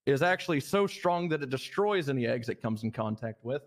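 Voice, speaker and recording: A man's voice: mid-range voice, expressive, a little fast, close to an everyday voice. A man voicing a cocky, glib young police recruit in a live role-play, rambling with fillers and restarts. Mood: smug. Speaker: streamer playing a police recruit.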